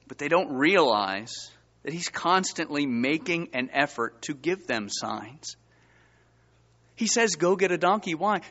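A pastor delivering a sermon in a lively, emphatic way, often jumping up in pitch as he reads scripture aloud. His voice is bright and slightly higher than usual. The recording is a little dull and lo-fi. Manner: animated preaching, rising emphatic pitch and reading scripture aloud.

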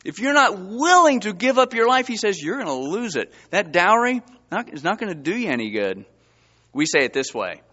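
Lively, bright-voiced preacher man. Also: high-pitched, moderate pace, dull audio. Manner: preaching with rising emphasis and Bible readings. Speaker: pastor. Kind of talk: sermon.

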